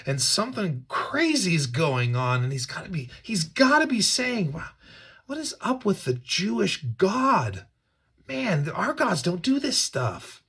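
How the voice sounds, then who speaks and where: A man's voice: high-pitched, sharp tone, husky. A man reading scripture with commentary, earnest and emphatic, often repeating words as he thinks aloud. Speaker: Bible teacher.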